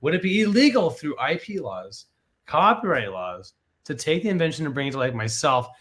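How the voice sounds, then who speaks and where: A man's voice: fairly high pitch, big pitch swings, fairly quick, a loud crowd. A man hosting a live legal Q&A show, who reads viewer questions aloud and answers them with jokes. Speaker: patent attorney host.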